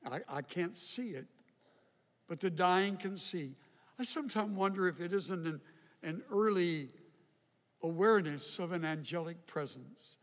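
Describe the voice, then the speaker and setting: An older man preaching a sermon in a slow, reflective way, with emphatic rises. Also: high-pitched, animated. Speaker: pastor. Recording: hall reverb.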